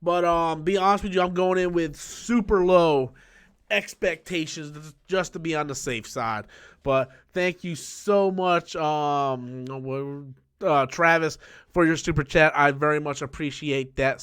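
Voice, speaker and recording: A man hosting a live-stream chat from a small room under studio lights, excitable and profane, humming movie sound effects as he talks. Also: on the high side, slow, clear, resonant tone. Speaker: YouTube host.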